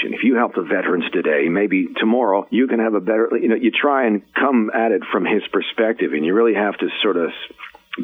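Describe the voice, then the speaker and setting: A man's voice: sits low, breathy edge, narrow, tinny audio. A middle-aged man, a voice actor, giving rambling advice in a podcast interview, with casual swearing and many restarts. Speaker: voice actor guest.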